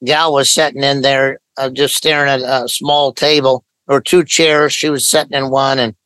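An older man from Idaho, a pastor, calmly recounting a story as a guest on an interview podcast, with quoted dialogue woven in. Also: mid-range voice, moderate pace, smooth, dry recording, rough recording. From Idaho, USA.

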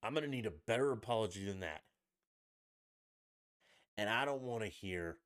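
A low-pitched man rants through a political podcast monologue. He talks bluntly and sarcastically and swears freely. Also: animated, normal speed, long pauses. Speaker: podcast host. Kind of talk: angry political rant.

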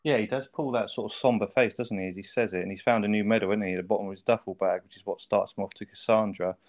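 A man's voice: on the low side, steady tone, fast, darkish tone. A man, chatting casually as a podcast co-host, swearing and laughing often. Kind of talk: casual chat.

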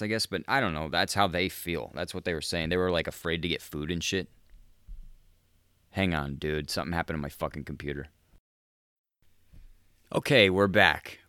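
A man's voice: low voice, fairly bright tone, smooth, dry recording, clean studio sound. A young man hosting a podcast, telling a story in a loose, profane, laid-back way, full of "dude" and laughter. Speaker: podcast host. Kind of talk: casual podcast monologue.

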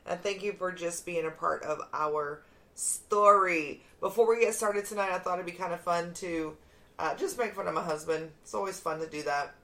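A woman's voice: fairly low pitch, moderate pace, a bit bright, echoey room. A young adult woman hosting a casual chat show, playful and teasing, laughing often. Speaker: podcast host.

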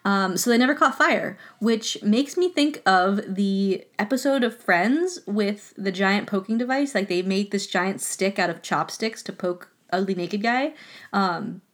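A woman tells a history story as a casual podcast host, chatty and loose, with frequent filler words and cheerful cursing. Her pitch sits in the middle range for a woman. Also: unhurried, fairly bright tone. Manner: chatty and profane, heavy use of filler words.

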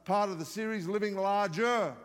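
A male pastor with a notably high voice gives a live sermon, talking to the congregation in a lively, conversational way and slipping in humorous asides. His voice rings out with the long reverb of a large church hall. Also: moderate pace. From outside the United States.

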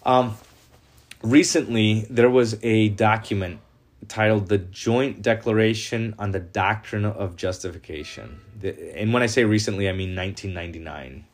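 A Lutheran man giving an informal doctrinal lesson, animated, with frequent restarts and laughing asides. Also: on the low side, normal speed. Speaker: Lutheran teacher.

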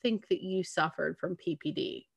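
A woman's voice: on the low side, moderate pace, creaky, breathy edge, no room sound, highs cut off. A woman in casual heartfelt conversation, talking at length in an earnest, reassuring way with lots of "like" and "you know what I mean". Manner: talkative, earnest, reassuring, full of "like".

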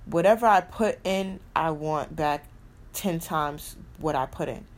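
Emphatic lower-voiced woman podcaster. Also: a little slow. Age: adult with a son. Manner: emphatic, repeats key phrases, swears freely. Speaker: podcast host. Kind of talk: casual motivational monologue.

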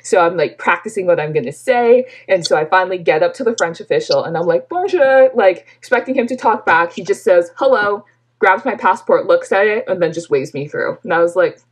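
A young woman from Canada talks in a loose, chatty way, leaning on "like" and breaking into laughs. Her voice sits a little low for a woman. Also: animated, fairly quick. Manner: chatty, lots of "like", laughs often. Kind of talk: casual chat.

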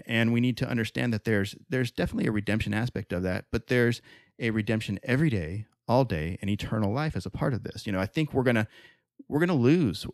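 Man, podcast guest, earnest and searching, gravelly low voice, dry sound. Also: darkish tone, no room sound. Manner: earnest, searching, many restarts. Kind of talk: casual faith conversation.

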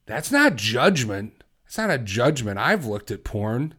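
A man hosting a solo podcast, talking bluntly and exhorting his listeners, moving from quiet reflection to fervent conviction. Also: mid-range voice, very animated, unhurried, hardly any pauses, husky. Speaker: podcast host. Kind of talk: impassioned solo podcast talk.

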